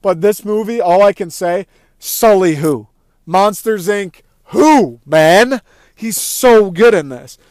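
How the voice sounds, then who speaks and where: A man's voice: high-pitched, slow, dry recording, studio quality. Young man ranting casually about a movie. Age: young adult. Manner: rambling, excitable, profane, acts out quoted thoughts. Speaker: podcast host. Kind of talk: casual movie review monologue.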